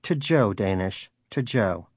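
A man's voice: on the low side, animated, slow, a little mellow, slightly rough, dry recording, studio quality, exaggerated voice. A man voicing a pious, hungry male pet hamster who speaks in a preachy, indignant way.

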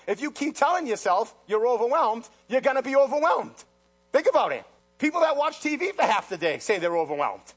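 High-voiced preacher with rhetorical questions. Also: male voice, sing-song, fairly quick, slightly rough. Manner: swings between hushed and loud. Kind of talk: sermon.

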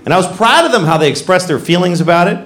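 Animated stand-up comedian, middle-aged man. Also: rapid-fire. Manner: animated storytelling, acts out characters with big pitch jumps. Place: comedy club stage with audience. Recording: roomy live venue with noise.

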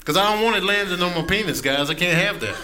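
A man in his thirties doing an animated stand-up comedy set on a club stage, acting out other people's voices. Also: sits high, fast talker. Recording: live recording with audience noise.

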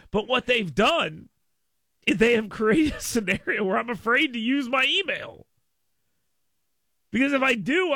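Man, radio talk host, gravelly, bright edge, exasperated rambling. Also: high-pitched, dry recording, clean studio sound. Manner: exasperated, rambling, self-mocking. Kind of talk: casual talk radio monologue. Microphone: studio microphone.

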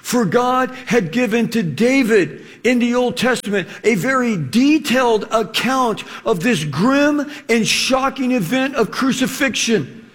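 A man preaching a sermon in an animated, rhetorical way, acting out the quotes he reads. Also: very high voice, unhurried.

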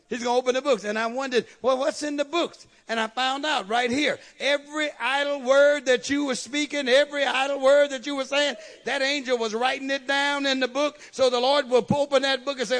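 A man's voice: very high-pitched, a bit bright. A man preaching a sermon as pastor, calling out to the congregation and repeating key phrases.

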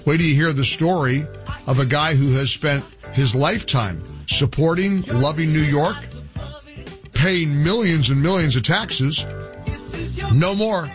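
A man's voice: a little high, unhurried, faint music behind. A man hosting a talk radio show, delivering a heated, opinionated monologue with many restarts. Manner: heated, animated, stumbling restarts. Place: radio studio.

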